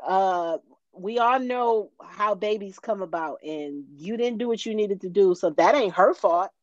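A woman's voice: mid-range voice, lively intonation, unhurried, no echo, dull audio. A woman co-hosting a casual podcast, blunt and opinionated, laughing along with her co-host.

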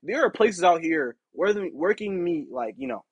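A man with a lively, swooping delivery, pitched a bit above the usual, tells a story on his podcast. His voice is husky and a little breathy, and he swears freely as he acts out who said what. The sound is dry and close. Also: normal speed, dry recording, muffled recording. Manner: animated, profane, acts out quoted exchanges. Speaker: podcast host. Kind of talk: casual storytelling monologue.

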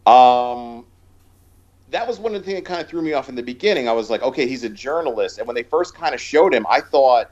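A man's voice: medium pitch, animated, a little fast, a little mellow. A man chatting casually about a movie, rambling with lots of fillers and restarts. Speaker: podcast co-host. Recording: dull lo-fi sound.

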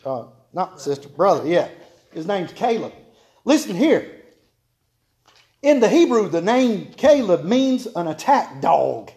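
A man's voice: sits high, very animated, a little slow, pauses often, a little mellow. A man preaching a folksy sermon to a congregation, joking and repeating key phrases for emphasis.

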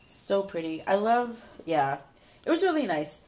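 A woman's voice: big pitch swings, a little slow, darkish tone. A young woman co-hosting a podcast, chatting casually and rambling through a travel story. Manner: chatty, rambling, acts out quotes with big pitch jumps. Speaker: podcast co-host. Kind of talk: casual chat.

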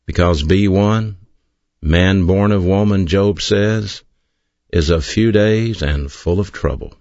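Low-voiced man preaching earnestly. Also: no echo, dull audio. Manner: earnest, emphatic preaching with slow drawn-out stresses. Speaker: pastor. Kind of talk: sermon.

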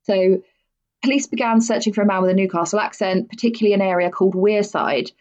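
Speaking quickly in a medium-pitched, somewhat dark voice, this woman hosts a podcast where she tells true-crime tales in a casual, blunt style full of profanity. It's recorded with dull, lo-fi sound.

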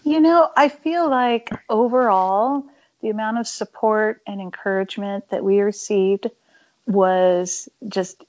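A woman's voice: medium pitch, takes it slowly, darkish tone. A woman musician telling stories candidly and emphatically in a casual interview, with many fillers. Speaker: punk band musician, interview guest. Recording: dull lo-fi audio.

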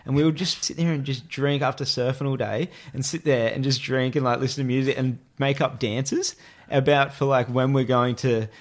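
A man's voice: medium pitch, fairly even intonation, normal speed. Laid-back Australian man telling stories. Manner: laid-back, slangy, rambling. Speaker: guest. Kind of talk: casual storytelling.

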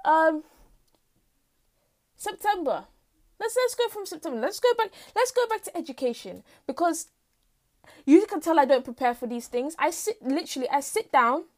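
A teenage girl records her podcast at home on a home mic, rambling unscripted in a playfully dramatic way. She sounds tired and lightheaded, her high voice expressive at normal speed with frequent pauses.

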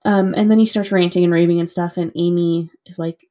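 A woman with a somewhat low, warm, mellow voice tells a true-crime story in a loose, conversational way. She fills her talk with "like" and swears without hesitation. The delivery is relaxed chat between co-hosts rather than scripted narration. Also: brisk. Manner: chatty, lots of "like", swears freely.

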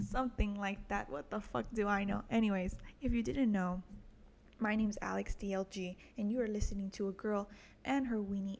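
Crude, gravelly-voiced young woman podcaster. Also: medium pitch, moderate pace. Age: young adult. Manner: crude, self-mocking, swears a lot, laughs at own jokes. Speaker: podcast host. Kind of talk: casual solo podcast monologue.

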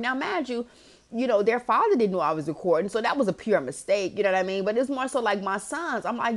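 A woman hosting a podcast, telling a story in an animated, emphatic casual monologue, swearing and calling the listener "girl". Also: mid-range voice, brisk. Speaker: podcast host.

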